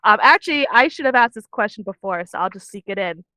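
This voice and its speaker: A woman's voice: medium pitch, lively intonation, fast, sharp tone, no room sound, low-quality recording. A woman hosting a casual podcast interview, playful and bubbly as she asks questions. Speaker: podcast host.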